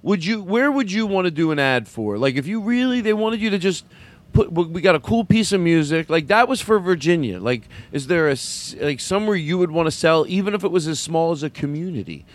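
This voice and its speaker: A man's voice: fairly high pitch, expressive, fairly quick. A man hosting a comedy podcast in casual chat, rambling with lots of fillers and restarts. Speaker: podcast host.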